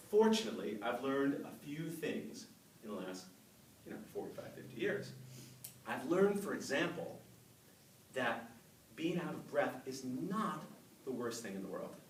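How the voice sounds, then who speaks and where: A man in his fifties giving an animated, storytelling speech to a club audience and laughing along with them. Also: fairly high pitch, slow, long pauses. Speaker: Toastmasters speaker. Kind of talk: public speech. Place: meeting room with a live audience. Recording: echoey room, mic from far off, faint noise.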